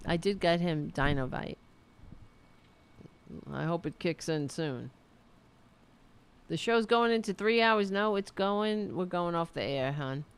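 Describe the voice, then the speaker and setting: A woman's voice: on the low side, a little hiss or hum. A woman hosting a casual livestream show at home, sardonic, profane and rambling. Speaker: show host.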